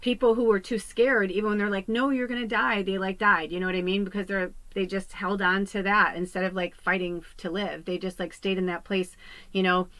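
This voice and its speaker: A woman's voice: medium pitch, little pitch movement, a little fast, fairly bright tone, no room sound, low-quality recording. A woman medium from the US West Coast talking in a casual spiritual monologue, rambling and chatty, swearing freely. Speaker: psychic medium. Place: home podcast set.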